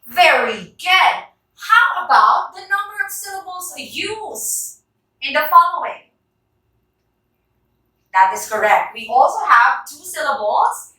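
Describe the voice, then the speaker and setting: A woman teacher with a Filipino accent leads a lesson at an unhurried, deliberate pace. Her voice is high and bright, and she praises students as she drills them. She sounds distant, in a very echoey classroom. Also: sing-song. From Philippines. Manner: encouraging, drills words aloud with the class. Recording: roomy echo, voice from far off.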